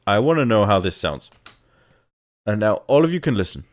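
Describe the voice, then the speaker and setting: A man's voice: on the low side, very animated, a little fast. A man co-hosting a casual live stream, talking to himself playfully while working at a computer. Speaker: co-host of a tabletop wargaming stream.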